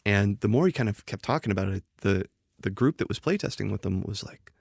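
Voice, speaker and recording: Low, gravelly man telling a story. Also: fairly quick, no echo, clean studio sound. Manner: animated storyteller who acts out quoted dialogue; often restarts and repeats words. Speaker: guest, game designer. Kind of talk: casual podcast chat.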